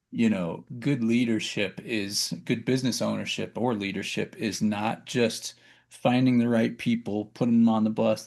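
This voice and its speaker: A man with a low voice that has a gravelly, husky grain to it. He speaks in a reflective way, thinking out loud with small fillers as he builds his point in a relaxed co-host discussion. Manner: reflective, thinks aloud with fillers and short affirmations. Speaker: podcast co-host. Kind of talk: casual discussion.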